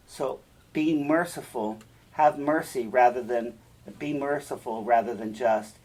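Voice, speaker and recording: A man with a slightly husky voice reads a fairy tale and breaks off to talk through its lessons. He speaks unhurriedly and in a conversational tone, asking questions as he goes. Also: mid-range voice, measured pace, darkish tone, poor audio. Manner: stops often to explain and question, conversational. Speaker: storyteller and teacher. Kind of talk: fairy tale reading with moral commentary.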